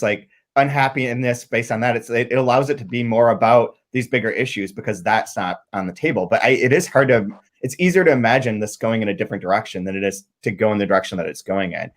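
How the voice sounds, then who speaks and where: Animated, cursing podcast host man. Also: medium pitch. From Michigan, USA. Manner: animated, swears freely, stumbles over restarts. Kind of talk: casual book discussion.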